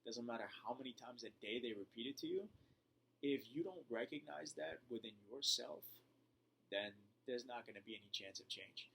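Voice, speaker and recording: A man giving calm, earnest self-help advice to camera in a casual vlog. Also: medium pitch, fairly quick, gravelly, slight background noise, rough recording. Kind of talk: motivational talk to camera.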